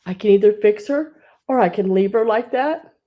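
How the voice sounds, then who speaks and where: A woman hosting an online live sale, tearful and crying, talking haltingly and often dropping to a whisper. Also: mid-range voice, lo-fi sound. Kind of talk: emotional live-stream chat.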